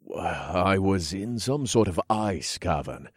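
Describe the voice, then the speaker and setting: A man with a very low, deep voice reads a fantasy novel aloud in the first person. His storytelling is calm and even. The recording is dry and close, with no room sound. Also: slow pace, slightly rough, no room sound. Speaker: audiobook narrator.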